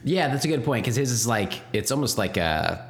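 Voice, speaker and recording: A man co-hosting a podcast in relaxed, chatty conversation, laughing easily. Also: mid-range voice, a little fast. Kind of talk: casual chat.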